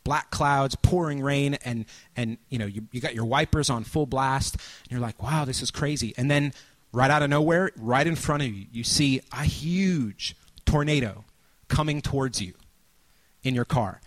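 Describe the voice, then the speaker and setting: A man at medium pitch preaches a sermon, painting a scene for his listeners. He talks loosely with fillers, then acts out moments, rising to cries or dropping to a near-whisper. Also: normal speed. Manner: storytelling, acts out scenes with sudden shouts and hushed asides.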